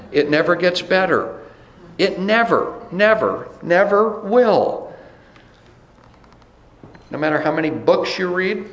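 A male pastor preaches in an echoing church, his voice carrying through the room. He speaks slowly and leans on his words, repeating phrases for stress. His voice sits a little higher than most men's. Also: fairly bright tone. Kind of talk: sermon. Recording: roomy echo.

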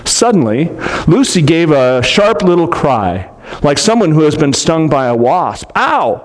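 A man reading a storybook aloud to children, adding gentle explanatory asides. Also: on the high side, expressive, measured pace.

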